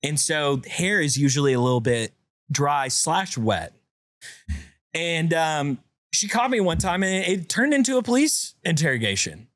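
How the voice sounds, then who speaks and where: A man hosting a podcast in casual chat, joking and chiming in quickly. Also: no echo, clean studio sound. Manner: jokey, quick interjections, lively pitch. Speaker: podcast host.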